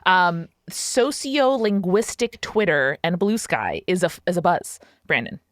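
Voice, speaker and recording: A woman's voice: on the low side, animated, unhurried, no echo, studio quality. A woman in her thirties co-hosting a tabletop game podcast, chatty and playful. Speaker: podcast co-host. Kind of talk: casual chat.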